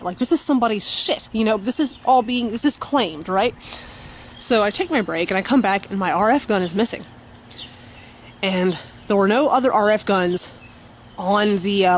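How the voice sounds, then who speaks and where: A woman tells a story straight to the camera from her home, mid-pitched and plain-spoken. She swears freely and leans on fillers as she talks. A faint hiss sits under her voice. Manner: blunt and profane, many fillers. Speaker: vlogger.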